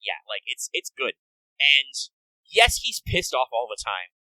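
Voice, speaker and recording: A man co-hosting a casual talk about a video game, animated, swearing often and slipping into quick character voices. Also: mid-range voice, no room sound, low-quality recording. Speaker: podcast co-host.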